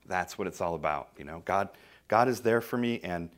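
A middle-aged man preaching a sermon, swinging between loud emphatic bursts and quiet, low phrases. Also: lively intonation, moderate pace.

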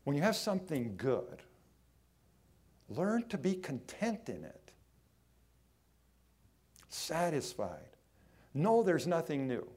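A man preaching a sermon, emphatic, swinging between loud lines and hushed ones, drawing some phrases out. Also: on the high side, wildly swooping pitch, takes it slowly, long pauses, slightly rough. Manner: acts out quoted voices in his own voice.

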